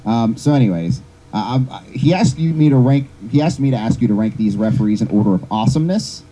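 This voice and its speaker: A man's voice: medium pitch, lively intonation, fast, mellow, poor audio. A man hosting a casual podcast, dryly reading out questions for his guest. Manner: dry, reading out listener questions. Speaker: podcast host asking questions.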